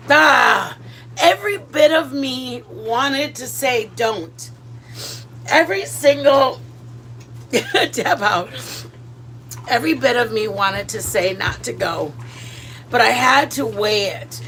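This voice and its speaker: Middle-aged woman, high bright-toned voice, rambling self-deprecating home-cooking vlogger. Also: slight background noise. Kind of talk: casual chat.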